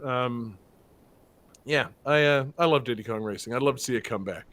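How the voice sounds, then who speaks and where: A man's voice: mid-range voice, normal speed, fairly bright tone. Rambling, swearing podcast host guy. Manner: rambling, swears freely, lots of fillers and jokey asides. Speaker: game show podcast host. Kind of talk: casual podcast banter.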